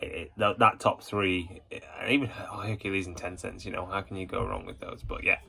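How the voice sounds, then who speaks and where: Deep, flat-voiced man rambling fondly. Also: a little fast, creaky, husky. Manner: rambling, full of hesitations and "you know"; enthusiastic fan. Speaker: YouTube channel host. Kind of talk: casual ranking vlog.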